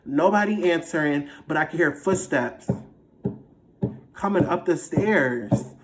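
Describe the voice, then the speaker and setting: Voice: mid-range voice, takes it slowly, noisy background. Storytime vlogger, super dramatic, slangy casual chat. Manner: dramatic, animated retelling; slangy, conversational.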